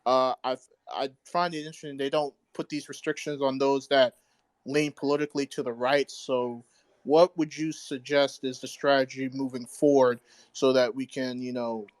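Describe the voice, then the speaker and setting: A man from Ghana calling in, earnest and measured. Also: mid-range voice, little pitch movement, no echo. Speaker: caller.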